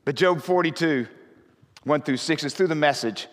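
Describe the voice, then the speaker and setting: A man preaching a conversational sermon as pastor, often rising to loud, fervent scripture reading. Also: fairly high pitch, moderate pace. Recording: reverberant hall.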